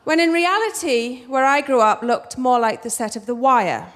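A woman with an English accent telling a personal story on stage in a wry, expressive way. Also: high voice, normal speed, big-room sound. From England. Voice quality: wry, expressive, switches between posh and street voices.

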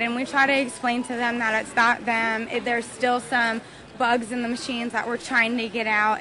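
A woman's voice: fairly high pitch, background noise. A woman cashier explaining checkout troubles in a matter-of-fact way. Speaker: store cashier. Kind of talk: interview.

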